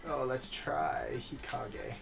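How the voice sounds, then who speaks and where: A co-host in a casual gaming chat, knowledgeable and quick in bursts. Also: medium pitch, vocal fry, faint music behind.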